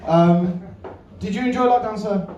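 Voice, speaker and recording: A man's voice: high-pitched, normal speed, darkish tone, recorded from a distance, highs cut off. A man doing a stand-up comedy set in a club, bantering with the crowd and swearing freely. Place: comedy club stage with a live audience. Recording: roomy live club recording, off-mic, crowd. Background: audience laughter.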